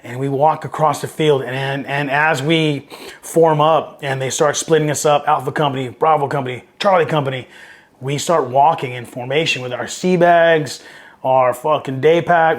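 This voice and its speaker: A man's voice: fairly high pitch, normal speed. Profane, rambling male Marine veteran. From Southern California. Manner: profane, rambling, animated when quoting others. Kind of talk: casual storytelling interview.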